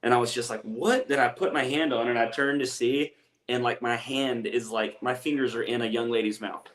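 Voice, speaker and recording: A man's voice: mid-range voice, steady tone, fairly quick, a bit bright. A young man with an Appalachian accent, a comedian telling a rambling, self-deprecating story in casual chat. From East Tennessee. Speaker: comedian guest. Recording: echoey room.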